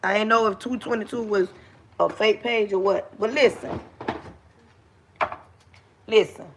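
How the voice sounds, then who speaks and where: A woman hosting a casual livestream from her kitchen, talking to viewers in an animated, preachy way. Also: mid-range voice, a little slow. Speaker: livestream host. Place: home kitchen.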